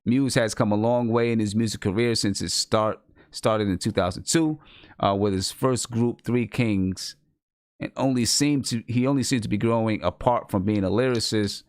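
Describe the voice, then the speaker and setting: A man's voice: lowish voice, normal speed, dry recording, clean studio sound. A man from upstate New York hosting a casual music review show, reading artist bios with small stumbles. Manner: reads bios aloud, hesitant restarts. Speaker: podcast host.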